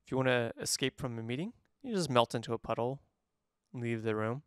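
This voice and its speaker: A man's voice: mid-range voice, expressive, brisk, clear, resonant tone, no room sound, clean studio sound. A man co-hosting a movie review podcast, bantering playfully in a casual chat. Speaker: podcast co-host.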